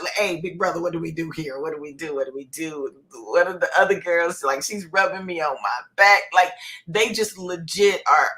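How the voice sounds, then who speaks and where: Casting: woman, 50s, low bright voice, heartfelt minister sharing testimony live on her phone. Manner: heartfelt, conversational, preacher-like, many fillers. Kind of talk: emotional personal testimony, live stream.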